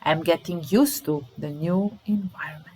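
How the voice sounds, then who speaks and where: A woman's voice: deep voice, normal speed, a little mellow, husky, rough recording. A woman with a Serbian accent teaching an English lesson, repeating example sentences and explaining them. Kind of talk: language lesson.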